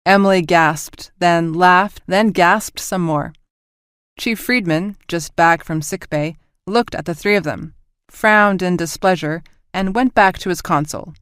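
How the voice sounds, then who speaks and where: A woman narrates a sci-fi novel with an even, clear delivery and gives every character a voice of her own. Her tone is smooth and slightly low. The recording is close and dry, with no room sound. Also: no room sound. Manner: even, clear reading, voicing all characters. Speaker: audiobook narrator. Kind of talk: scripted audiobook narration.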